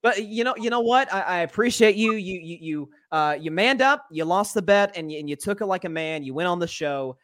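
A man with an East Tennessee accent hosting a casual sports podcast, upbeat and full of quick restarts and repeated words. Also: sits high, animated, a bit bright. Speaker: podcast host.

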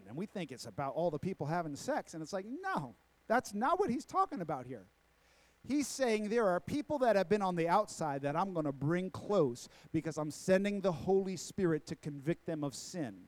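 A man preaches to his congregation, driving points home through repetition and pointed questions. His voice sits noticeably high for a man. The sound is dry and close, with little room echo. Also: big pitch swings, normal speed, a little mellow. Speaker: pastor. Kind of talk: sermon. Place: church sanctuary.

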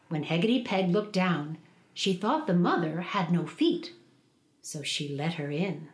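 A woman reading a children's storybook aloud in an expressive, sing-song way. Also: fairly low pitch, moderate pace.

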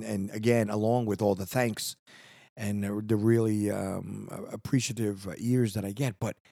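Middle-aged male podcast host, husky and fairly low, dry close mic, earnest rambler. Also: darkish tone, dry recording. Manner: rambling, earnest, restarts often. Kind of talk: casual solo podcast monologue. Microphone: studio microphone.

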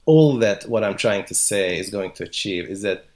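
A man's voice: on the low side, lively intonation, moderate pace. A middle-aged man, a philosopher, talking as a podcast guest with many restarts and hesitations. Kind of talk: podcast interview.

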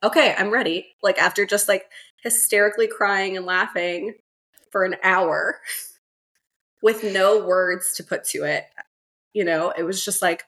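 A young woman, a mother and doula, telling her story in a relaxed way, full of fillers, as a podcast guest. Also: medium pitch, measured pace, long pauses. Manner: relaxed, filler-heavy, many "like"s. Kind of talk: casual storytelling interview.

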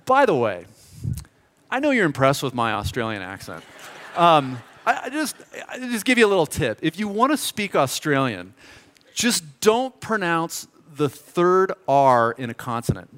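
A middle-aged American man preaching a sermon, telling a story in an animated, joking, conversational way. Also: fairly high pitch, moderate pace. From United States. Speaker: pastor. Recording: reverberant hall.

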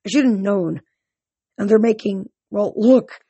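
A reader voicing a sharp teenage girl demigod who scolds in urgent, hushed haste, in a husky, dry voice. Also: medium pitch, measured pace, no echo.

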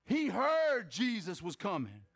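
A pastor preaching a lively sermon at a church service, asking the congregation questions, making joking asides and bursting into shouts for emphasis. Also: male voice, high voice, a little slow, vocal fry.

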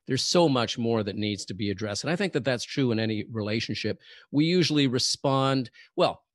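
A man's voice: medium pitch, lively intonation, a little fast, dry recording, clean studio sound. A man hosting an interview, speaking reflectively and correcting his own phrasing as he goes. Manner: reflective, rephrases himself mid-sentence. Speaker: interview host. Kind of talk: casual interview chat.

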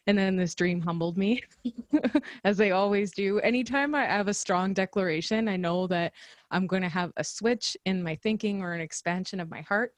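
A woman's voice: mid-range voice, normal speed, no room sound. A woman co-hosting a podcast, telling a story in casual chat and laughing often. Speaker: podcast co-host.

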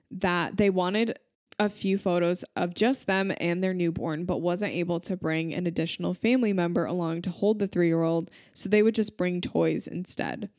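A woman in her thirties hosts a podcast, reading listener stories aloud and gushing over them emotionally, chatty and full of fillers. Her voice is fairly low and a bit mellow, captured cleanly in a studio with no echo.

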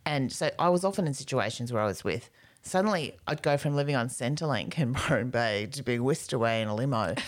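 A middle-aged woman co-hosts a casual podcast. Her voice sits low but moves a great deal in pitch. She tells long, winding stories and acts out what others said. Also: lively intonation, brisk. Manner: rambling anecdotal storyteller, acts out voices. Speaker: podcast co-host. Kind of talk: casual chat.

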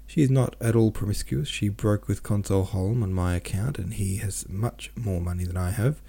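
A man's voice: lowish voice, normal speed, gravelly, mellow, slightly rough. A man voicing an anxious, self-pitying middle-aged merchant who rambles in a plaintive, restless way, in an audiobook reading. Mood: pleading. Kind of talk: audiobook character voice.

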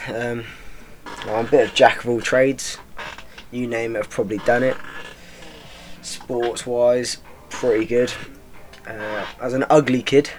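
Sweary, deadpan young man. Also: mid-range voice. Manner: deadpan, self-mocking, swears freely. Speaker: podcast host. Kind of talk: rambling comic monologue.

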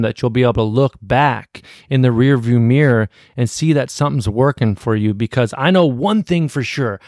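A man's voice: mid-range voice, no room sound, clean studio sound. A man speaking as a guest in recovery, sharing earnestly and repeating words as he thinks. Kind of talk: reflective personal sharing.

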